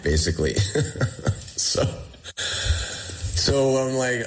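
A man's voice: sits low, slow, vocal fry, pauses often. A man recounting a personal ordeal in a conversational interview, acting out what others said. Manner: animated retelling, acting out quoted dialogue. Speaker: guest telling his survival story. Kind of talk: conversational storytelling.

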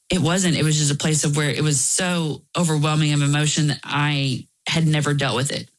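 A woman guest in an interview, earnestly telling a personal story with quick asides. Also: low-pitched, flat delivery, low-quality recording.

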